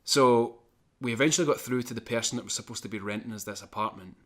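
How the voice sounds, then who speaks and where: A man co-hosting a podcast, telling a long personal anecdote in an animated, chatty way and chuckling now and then. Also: medium pitch, fast talker. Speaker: podcast co-host. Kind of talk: casual storytelling.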